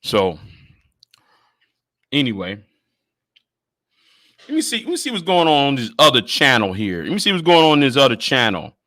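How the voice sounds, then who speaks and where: A man's voice: mid-range voice, wildly swooping pitch, normal speed, pauses often, bright, forceful tone. A man hosting a casual livestream, angry, swearing constantly and stammering over repeated words. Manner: profane, stammering repetitions. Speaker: livestream host.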